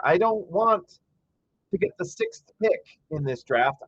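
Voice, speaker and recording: While watching a game, a man runs a casual live stream, chatting over the action, reading viewer comments aloud and slipping into frustrated little rants. His slightly high, husky voice swings widely in pitch and moves a little slowly, captured on dull, dry, lo-fi home audio.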